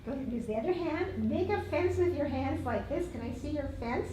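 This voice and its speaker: A woman's voice: sits high, expressive, a little fast, warm tone, a little hiss or hum. A woman teaching a safety workshop in an upbeat, encouraging way, giving directions to a group. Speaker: safety instructor. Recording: echoey room, distant mic.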